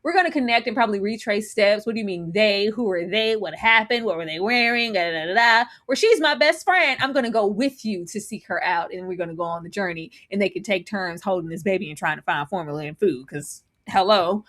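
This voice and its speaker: A woman co-hosting a live TV episode recap in a loose, chatty way. She gets animated, laughs a lot and acts out her own reactions to scenes. Her voice sits at a middle pitch. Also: brisk, few pauses. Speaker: co-host. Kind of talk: casual TV recap chat.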